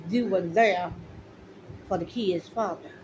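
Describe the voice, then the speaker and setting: A woman's voice: on the low side, slow pace, background noise. Accusing, indignant middle-aged woman. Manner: accusing, repeats her points, addresses officials directly. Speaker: mother speaking out. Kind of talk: angry direct-to-camera rant.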